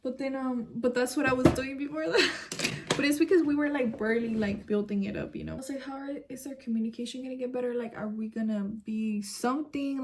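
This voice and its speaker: A woman's voice: on the high side, darkish tone, a little hiss or hum. A young adult woman telling a personal story to camera in a casual vlog, with frequent "like" fillers, casual swearing and a few Spanish phrases. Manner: chatty, peppered with "like" and swearing. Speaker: vlogger.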